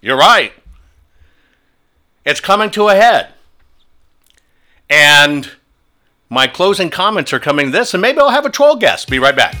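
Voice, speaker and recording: A man's voice: high voice, big pitch swings, normal speed, pauses often, bright, forceful tone. A male talk show host delivering a combative, sneering monologue.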